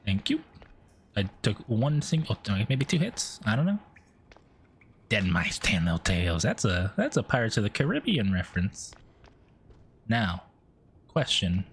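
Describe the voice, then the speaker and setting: A man's voice: huge pitch swings, measured pace, long pauses, a little hiss or hum. A man streaming a game, giving playful, casual commentary that is full of swearing. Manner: playful, swears often, swings his pitch.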